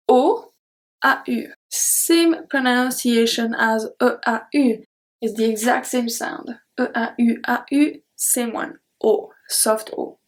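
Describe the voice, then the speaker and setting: A woman, teaching pronunciation and repeating words slowly and carefully. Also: on the high side. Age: 30s. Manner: slow, careful repetition of words. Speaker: French teacher. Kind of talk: pronunciation lesson.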